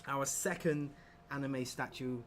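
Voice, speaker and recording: A man co-hosting a live stream in a relaxed, chatty way, joking along with his partner. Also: mid-range voice, measured pace, heavy background noise. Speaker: livestream co-host. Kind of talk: casual live-stream chat.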